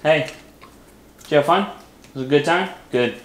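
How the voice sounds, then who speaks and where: Filming indoors for his home vlog, a man cheerfully talks his daughter through painting using short, repeated cues. The voice is fairly high and moves at a moderate pace, with a little hiss or hum on a low-quality recording.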